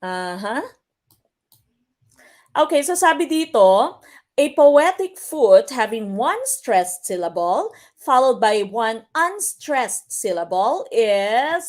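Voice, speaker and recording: A woman's voice: mid-range voice, darkish tone. A woman teacher with a Filipino accent leading a live-streamed exam review, switching between English and Tagalog and reading out viewer comments. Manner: mixes English and Tagalog, reads out viewer comments, drills stress patterns.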